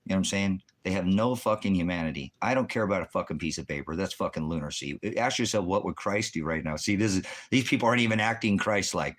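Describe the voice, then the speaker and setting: A man's voice: low-pitched, fast talker, hardly any pauses, fairly bright tone. A man hosting a livestream, angrily berating commenters with constant profanity in a heated, combative rant. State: agitated. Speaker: livestream host answering chat.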